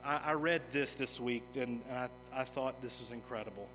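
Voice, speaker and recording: Here a male preacher speaks at medium pitch and a moderate pace, his tone a bit bright. He delivers his sermon earnestly and emphatically, sometimes building in intensity, amid the long echo of a big hall with music.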